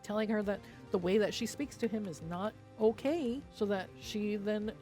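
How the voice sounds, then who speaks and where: A woman's voice: medium pitch, moderate pace, mellow. A young woman streamer ranting at length, swearing a lot and making sarcastic, petty jabs. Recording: faint music behind.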